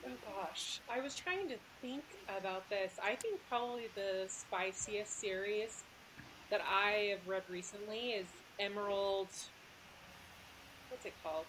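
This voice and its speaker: A woman's voice: mid-range voice, measured pace, fairly bright tone, a little hiss or hum, low-quality recording. A woman author, a guest on a podcast, chatting casually and laughing often.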